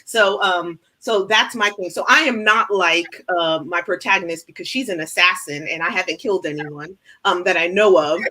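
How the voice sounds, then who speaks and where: Bright, chatty woman in her thirties. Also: fairly low pitch, normal speed, hardly any pauses, a little hiss or hum. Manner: chatty and rambling, with many fillers. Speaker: author and panelist. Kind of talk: casual panel discussion. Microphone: video call.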